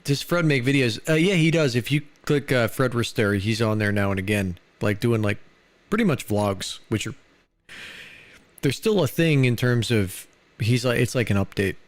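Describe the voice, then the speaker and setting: A man's voice: mid-range voice, normal speed, dry recording. An American man chatting casually on a live stream, loose and rambling, full of "dude" and "like".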